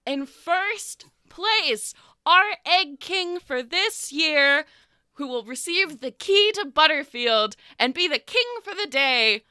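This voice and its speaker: Woman putting on a gushing, high-pitched festival announcer. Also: animated, slow, bright, forceful tone, dry recording, clean studio sound, heavily acted. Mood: grand. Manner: sing-song, gushing, exaggerated cheer. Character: chirpy woman festival announcer, overly upbeat.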